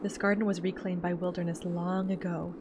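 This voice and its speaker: A woman's voice: fairly low pitch, level tone, a little fast. Woman gamer narrating a visual novel, chatty asides, noisy home recording. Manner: chatty, reads narration then comments with laughs. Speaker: let's play gamer voicing a visual novel. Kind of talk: reading and playing a horror visual novel aloud.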